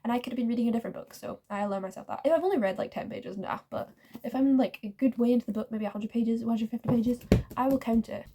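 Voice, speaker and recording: A fast-talking woman with a fairly high, mellow voice casually reviews books she's read, giving each a rating and revising her own statements as she goes. She says "like" frequently, and slight background noise can be heard.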